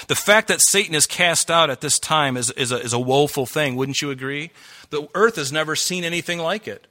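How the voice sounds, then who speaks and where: A man's voice: on the high side, a little fast, sharp tone. A man preaching a sermon to a congregation, fervent and worked up, breaking into laughs and asides. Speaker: pastor. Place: church hall before a congregation.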